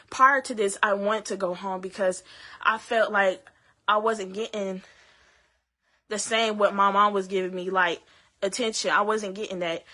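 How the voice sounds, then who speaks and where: A young woman with a bright, medium-pitched voice tells her own story to camera, emotional and halting. She addresses viewers directly, her vlog full of fillers and restarts.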